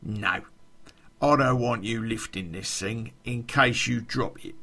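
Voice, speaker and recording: Man putting on a slow, smug hard man. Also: medium pitch, gravelly, bright, forceful tone, heavily acted. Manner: slow, self-important drawl. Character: cocky slow-talking male local hard man.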